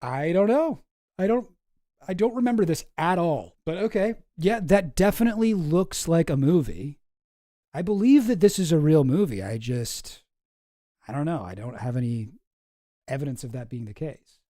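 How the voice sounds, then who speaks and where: Streamer guy, dry sarcastic commentary, kinda high voice, dead dry close mic. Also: animated, normal speed, dark tone, no echo. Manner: dry, skeptical, trailing off into mumbles. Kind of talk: casual live commentary.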